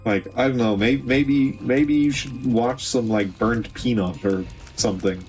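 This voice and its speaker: A man's voice: medium pitch, measured pace, a little mellow, soft background music. A man with an Irish accent hosting a livestream, chatting casually with viewers in a joking, teasing way and laughing often. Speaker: livestream host.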